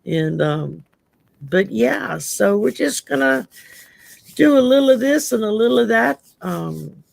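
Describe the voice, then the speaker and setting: Chatty southern woman with gravelly voice. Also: a little high, expressive, a little slow, darkish tone. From US Gulf Coast. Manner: chatty, laughs often, says y'all. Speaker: host. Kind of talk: casual live-stream chat.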